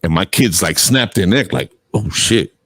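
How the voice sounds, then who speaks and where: With a low voice at normal speed and no echo, a middle-aged show host chats casually with callers. He tells lively stories, often laughing and swearing freely.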